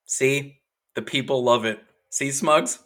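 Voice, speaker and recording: A man co-hosting a podcast in casual chat, excitable and gleeful, often hedging his guesses. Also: medium pitch, slow pace. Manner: excitable and gleeful, hedging with "maybe" and "I don't know". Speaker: podcast co-host.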